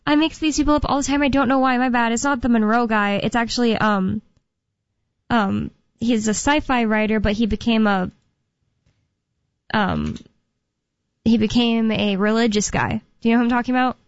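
A young woman with a slightly high voice chats loosely, wandering off her point and filling gaps with ums. Her voice is close and dry, on a dull, lo-fi recording. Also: normal speed, long pauses, no room sound. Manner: rambling, loses her thread, many fillers. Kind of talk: casual chat.

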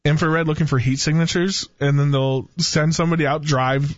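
A young man in a casual chat, telling animated stories and acting out quotes, with a lot of dude and bro. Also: on the high side, moderate pace, dry recording. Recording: dull, muffled sound.

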